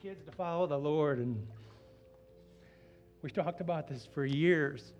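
Slow-talking man, heartfelt and distant. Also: a little high. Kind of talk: speaking at a baptism.

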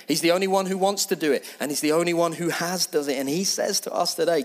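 Impassioned male preacher, fairly high voice. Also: a little fast. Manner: impassioned, rising in repeated phrases then dropping to a hushed near-whisper. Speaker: pastor. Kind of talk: sermon.

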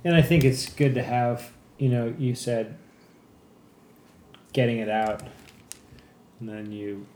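A man's voice: mid-range voice, slow pace, warm tone, echoey room, a little hiss or hum. A man chatting casually as a podcast guest, agreeable and conversational. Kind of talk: casual chat.

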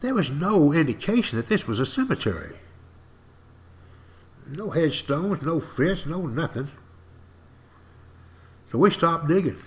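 A man's voice: fairly high pitch, very animated, a little slow, long pauses. A man giving a podcast history lecture as a folksy, dramatic storyteller who keeps turning to speak directly to his listeners.

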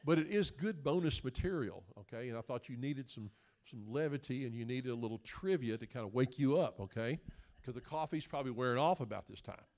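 A man's voice: mid-range voice, lively intonation, fairly quick, a little mellow. A male guest preacher, delivering a folksy, joking sermon that builds into emphatic questions.

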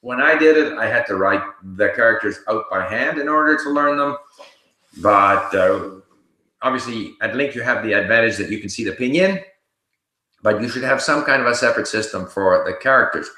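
Man with a bright, roomy voice. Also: mid-range voice, normal speed. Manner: relaxed, explanatory, thinking aloud. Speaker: host answering viewer questions. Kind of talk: casual live Q&A.

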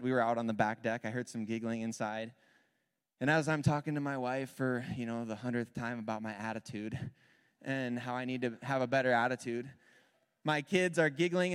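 A man in his thirties, a worship leader telling a candid, animated personal story as part of a sermon. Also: medium pitch, clear, resonant tone. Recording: long hall reverb.

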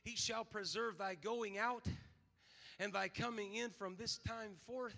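A man preaching a fervent sermon in a rather high, gravelly voice. His tone is piercingly bright and sharp. He quotes scripture and calls out to the congregation. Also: steady tone, measured pace, long reverb tail. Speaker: pastor.

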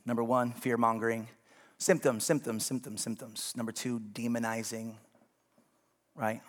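A man's voice: mid-range voice, little pitch movement, normal speed. Conversational male pastor preaching a sermon. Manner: conversational, checks in with the congregation.

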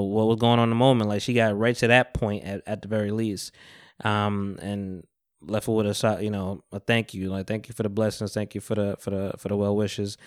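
Smooth-voiced man in casual podcast chat. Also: mid-range voice, no room sound, clean studio sound. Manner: rambling, animated, loose slang and cursing. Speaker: podcast host.

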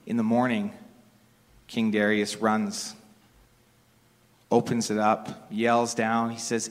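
A man's voice: lowish voice, completely flat delivery, slow pace, long pauses. A middle-aged man preaching a sermon in a conversational, storytelling way, sometimes restarting his sentences. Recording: long reverb of a large hall.

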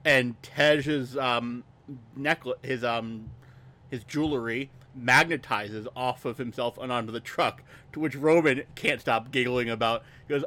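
A man's voice: mid-range voice, measured pace, sharp tone. A man co-hosting a podcast stream, recapping a film in a rambling, jokey way with many fillers. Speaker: podcast co-host. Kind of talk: casual movie recap chat.

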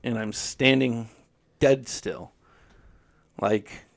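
A young man co-hosting a podcast, telling a story in a casual, animated way with lots of swearing. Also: medium pitch, drawn-out words, gravelly. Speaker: podcast co-host.

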